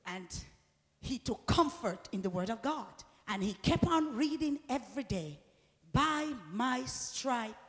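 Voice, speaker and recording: A woman preacher giving a sermon in call-and-response style. She drives the congregation with repeated questions and builds to shouted peaks. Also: high voice. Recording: long reverb of a large hall.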